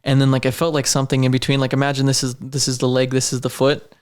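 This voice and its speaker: A man from Idaho who fights amateur mixed martial arts talks at a brisk clip in a relaxed podcast chat. He rambles through his stories and leans heavily on "like." His voice sits at an ordinary male pitch. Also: smooth. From Idaho, USA. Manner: rambling storyteller, heavy use of "like". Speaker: amateur MMA fighter guest.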